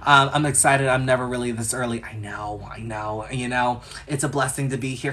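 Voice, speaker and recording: Guy doing astrology readings on a livestream, talks fast and sassy, rambles a lot. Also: mid-range voice, a bit bright, slight background noise. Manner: chatty and sassy, rambling asides. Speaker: astrologer giving live chart readings. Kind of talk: casual livestream chat.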